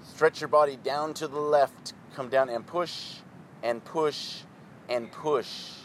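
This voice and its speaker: A man leading a yoga class, giving calm, rhythmic, clipped instructions. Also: on the high side, slow, a little hiss or hum, poor audio.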